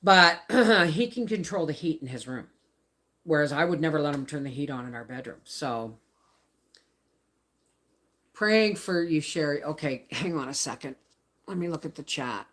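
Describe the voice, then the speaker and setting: A woman's voice: deep voice, expressive, normal speed, long pauses, fairly bright tone. A woman in her fifties from Canada, chatting casually on a home live stream, rambling and answering viewers' comments. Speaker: homestead vlogger hosting a livestream. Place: home, by the laundry baskets.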